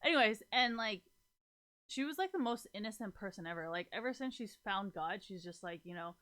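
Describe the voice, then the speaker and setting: Young woman streaming, rambles on, swears, laughs a lot, bright sharp voice. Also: mid-range voice, lively intonation, brisk. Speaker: streamer talking to viewers. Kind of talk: casual rambling chat.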